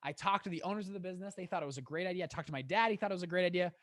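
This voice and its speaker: A young man in his twenties, a guest on a podcast, telling his story in a lively way with many restarts. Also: high voice, no room sound, studio quality. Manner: animated, quick storyteller with laughs and restarts. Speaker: guest, fund manager. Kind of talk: casual storytelling in an interview.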